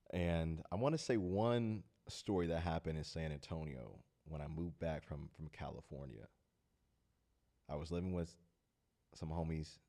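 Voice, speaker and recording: Very deep-voiced man talking from the heart. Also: a little mellow. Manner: earnest and sincere, speaking from the heart; loose, rambling storytelling. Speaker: host of a talk channel. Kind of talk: casual heartfelt monologue.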